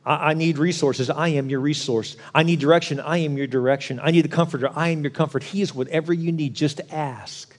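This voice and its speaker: A man delivering a sermon in a slightly higher-pitched voice. He tells his story earnestly and presses his points home with emphasis. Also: fairly even intonation, a little fast, few pauses. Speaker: pastor.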